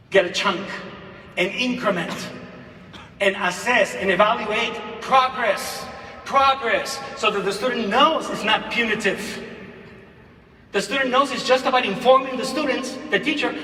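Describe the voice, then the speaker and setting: High-voiced guy giving a keynote, repeats stuff for emphasis, sounds far off in a reverby hall. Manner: animated, dramatic read-aloud with repeated phrases. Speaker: keynote speaker. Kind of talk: conference keynote speech. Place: large hall.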